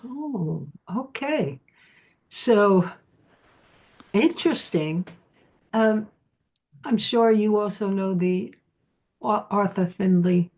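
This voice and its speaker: A middle-aged woman hosting an interview, speaking conversationally with affirming asides and pauses. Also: medium pitch, animated, a little mellow. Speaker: podcast host.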